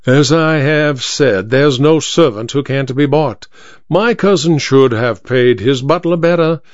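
A man voicing a ruthless older ex-soldier colonel who speaks in a cold, deliberate, menacing way, in a storybook reading. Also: mid-range voice, dry recording, natural voice. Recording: dry, slightly dull recording.

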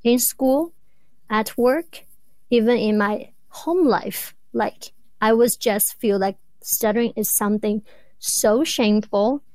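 A woman in her thirties from rural China, a Chinese native speaker, talking as an interview guest with a clear stutter of repeated sounds and blocks. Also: on the high side, takes it slowly, dark tone, no room sound. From rural southwest China. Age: 30s. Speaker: guest, doctoral student. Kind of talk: interview conversation.

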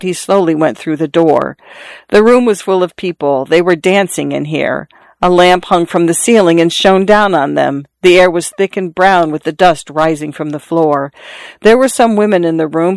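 Measured audiobook narrator, dry sound. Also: mid-range voice, no echo. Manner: measured, even storytelling. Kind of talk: audiobook reading.

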